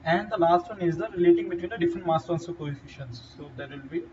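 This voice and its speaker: A man with an Indian English accent giving a halting whiteboard lecture, with fillers and restarts. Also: on the high side, crowd noise. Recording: distant, dull lo-fi mic with faint noise.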